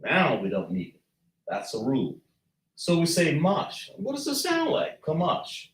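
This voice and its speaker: A man teaching a slow lesson at a chart, patiently breaking down and repeating sounds as he writes them out. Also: a little high, huge pitch swings, distant mic. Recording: echoey room, voice from afar.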